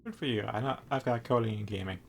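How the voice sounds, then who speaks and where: A man's voice: medium pitch, fast, vocal fry. A man streaming a shooter game, thinking aloud in casual, offhand commentary. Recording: game audio and gunfire behind the voice. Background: game gunfire and noise.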